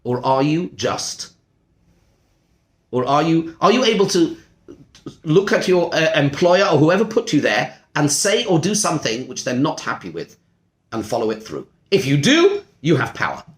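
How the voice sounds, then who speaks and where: A man teaching a Torah class as a rabbi, animated and full of rhetorical questions. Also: fairly high pitch, normal speed, echoey room. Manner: animated, uses Hebrew terms, asks rhetorical questions. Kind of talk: lively Torah lesson.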